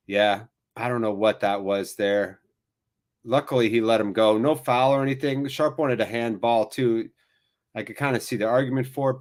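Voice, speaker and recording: A man hosting a live watchalong, giving casual, jokey play-by-play with rambling asides. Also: mid-range voice. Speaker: watchalong host. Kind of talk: casual live match commentary.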